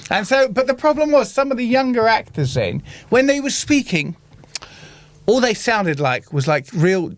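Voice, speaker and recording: A man's voice: extremely high pitch, very animated, normal speed, no room sound. A man with a London accent hosting a comedy podcast, chatting animatedly and mimicking voices for laughs. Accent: London English. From England. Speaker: podcast host. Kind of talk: casual comedic chat.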